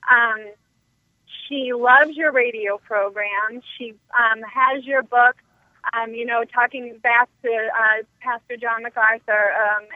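A woman calling in to a radio show by telephone, speaking gratefully and softly with many ums. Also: fairly high pitch, no echo. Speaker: caller. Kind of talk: phone-in call to a radio show. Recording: tinny phone line.

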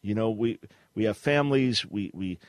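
A man's voice: on the low side, moderate pace, no echo. A middle-aged man hosting a call-in radio talk show, speaking earnestly in a preaching, teaching manner and often restarting his words.

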